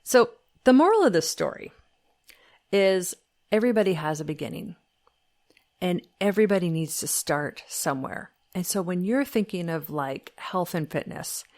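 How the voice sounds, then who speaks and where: Chatty woman podcast host, slightly low voice. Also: lively intonation, moderate pace, darkish tone. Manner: chatty storyteller, upbeat, many fillers. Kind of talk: casual solo podcast talk.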